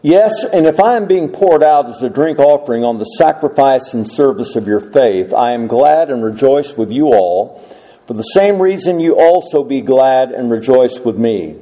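Guy preaching and reading scripture, bit of a lisp now and then, warm low-key tone. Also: animated, moderate pace, rough recording. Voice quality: occasional slight lisp from a dental implant. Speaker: pastor.

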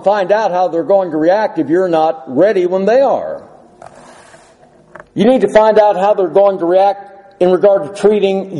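A middle-aged male pastor delivers a sermon in an earnest, measured way, pausing on rhetorical questions. His voice sits high for a man yet sounds soft and mellow. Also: poor audio.

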